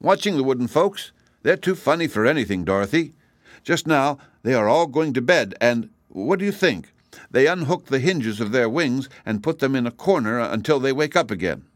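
A pert, cheeky little kitten chatters away in a raised, lively voice in a dry, close storybook recording, as a man puts her on. She sounds pleased with herself. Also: mid-range voice, normal speed, no room sound, voice pushed up, close to an everyday voice. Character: curious, cheeky female kitten. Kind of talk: audiobook reading.

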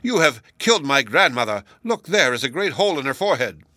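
A man's voice: mid-range voice, sing-song, fast, bright, forceful tone, no echo. A man voicing a clever poor peasant who speaks in a plain, matter-of-fact way. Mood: sly.

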